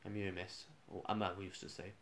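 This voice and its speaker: A man's voice: deep voice, little pitch movement, fast, fairly bright tone, a little hiss or hum. A man, a radio presenter, casually rambling through funny school anecdotes with restarts and chuckles.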